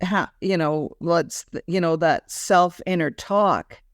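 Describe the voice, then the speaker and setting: A woman co-hosting a spiritual wellness podcast in unscripted chat, animated and often restarting her sentences. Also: fairly low pitch, slow, dry recording, clean studio sound. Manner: animated, frequent self-restarts. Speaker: podcast co-host.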